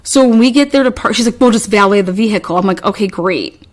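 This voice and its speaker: A woman's voice: medium pitch, fast. Exasperated, foul-mouthed woman telling a story. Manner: profane, exasperated, rambling with many restarts. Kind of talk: casual storytelling chat.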